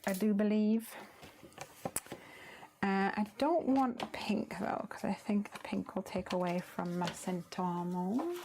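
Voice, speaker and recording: A woman hosting a live card-making stream, chatting as she works, thinking aloud and sometimes dropping to a soft murmur. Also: medium pitch, slow pace, background noise. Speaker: crafting livestream host. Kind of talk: live crafting demo with chat.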